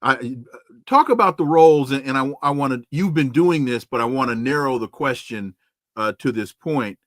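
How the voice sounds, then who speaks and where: A male podcast host from California asks long, deliberate questions at a middle pitch. He stresses key words and restarts his phrases. The recording is dry, with no room echo. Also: expressive. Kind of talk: interview questions.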